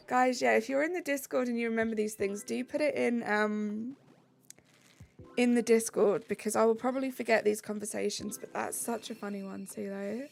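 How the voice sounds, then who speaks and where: Reading messages from her live chat, this woman streamer is giggly, self-mocking, and chatty. Her voice sits on the high side and has vocal fry.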